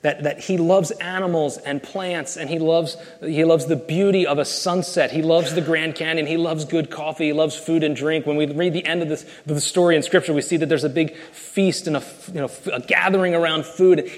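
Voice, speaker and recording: A pastor giving an emphatic, earnest sermon and reading scripture aloud. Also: male voice, a little high, normal speed, hardly any pauses, long reverb tail. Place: church sanctuary.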